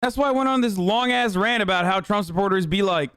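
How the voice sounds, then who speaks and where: Profane animated male streamer. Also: high voice, quick pace, clear, resonant tone, no echo. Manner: animated, profane, sarcastic banter. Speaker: streamer host. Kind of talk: casual reaction commentary.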